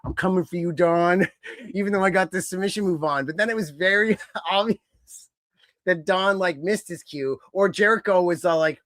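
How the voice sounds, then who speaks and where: A man co-hosting a podcast in casual chat. He talks in an animated way and slips into other people's voices as he tells stories. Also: sits high, moderate pace, no echo, clean studio sound. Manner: animated, acts out voices of others mid-story. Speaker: podcast co-host.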